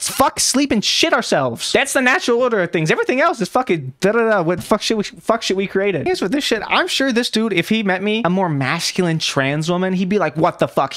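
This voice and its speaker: A woman's voice: mid-range voice, fairly bright tone, no echo, studio quality. A woman in her twenties giving a profane, mocking reaction commentary, ranting and swearing heavily. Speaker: commentary vlogger.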